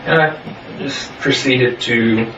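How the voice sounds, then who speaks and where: A man giving a recorded statement in a flat, halting way, full of pauses and fillers. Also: medium pitch, a little hiss or hum. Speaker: interviewee. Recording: muffled, roomy, distant recording.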